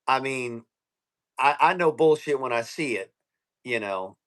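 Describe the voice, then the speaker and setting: A man in crude, profane casual chat on a livestream, telling stories and acting out quotes loudly. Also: on the high side, moderate pace. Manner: profane, storytelling, loud acted-out quotes.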